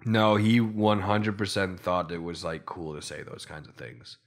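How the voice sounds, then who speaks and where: A man's voice: sits low, moderate pace. A man co-hosting a casual comedy podcast from Canada, joking and acting out silly bits. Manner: animated, does silly voices for bits. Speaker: podcast co-host.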